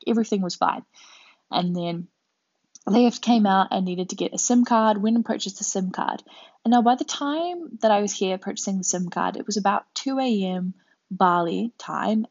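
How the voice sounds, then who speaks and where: With vocal fry in her mid-range voice, a young podcast host rambles chattily through a travel story, leaning on fillers. It's a dull, dry, lo-fi home recording without echo.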